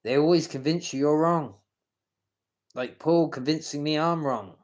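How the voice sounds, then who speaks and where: A man's voice: fairly high pitch, a little slow. A man ranting casually on a live stream, stammering and restarting his sentences, coarse and confrontational as he swears at people. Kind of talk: rambling live-stream rant.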